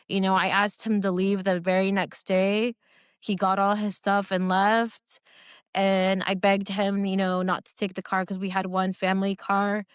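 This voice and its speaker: A woman's voice: medium pitch, level tone, slow, clear, resonant tone, dry recording, clean studio sound. A woman telling a personal testimony in a hesitant, emotional way, with many fillers and restarts. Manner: emotional, earnest. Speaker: guest sharing a personal faith testimony. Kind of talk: casual personal storytelling.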